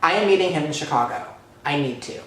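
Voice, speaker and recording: A man voicing an excited young woman star who gushes quickly and effusively. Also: a little high, heavy reverb. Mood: gushing.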